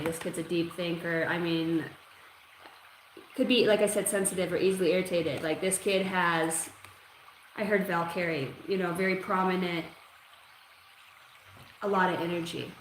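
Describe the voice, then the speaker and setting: A woman giving a live-streamed tarot reading in a casual, slangy way, often saying "like" and "dude" and swearing now and then. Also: on the low side. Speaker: tarot reader. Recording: echoey room with faint noise.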